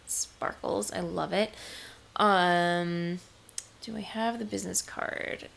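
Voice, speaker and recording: Chatty woman with a gravelly voice. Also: on the low side, steady tone, slow, a bit bright. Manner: chatty, rambling, many ums and restarts. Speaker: knitting podcast host. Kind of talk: casual show-and-tell vlog. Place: home, seated indoors.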